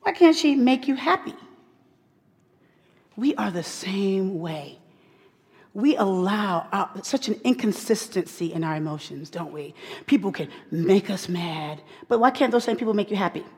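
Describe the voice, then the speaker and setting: A woman teaching a sermon to a women's audience. She repeats her key phrases and swings from loud emphasis to hushed asides. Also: medium pitch, animated, normal speed, husky. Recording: long hall reverb.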